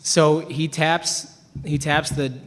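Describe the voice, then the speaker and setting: A young adult man from Chicago, a panel writer, speaks slowly and flatly in a slightly high, somewhat bright voice. His anecdotes ramble, are self-deprecating, and draw his own laughter, echoing with long reverb through an event hall with an audience.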